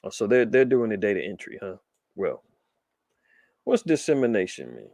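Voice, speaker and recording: Animated man reading and riffing on news. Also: on the low side, moderate pace, vocal fry, dry recording. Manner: animated, rhetorical questions, reads then riffs. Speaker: podcast host reading and commenting on news. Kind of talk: casual commentary reading articles aloud.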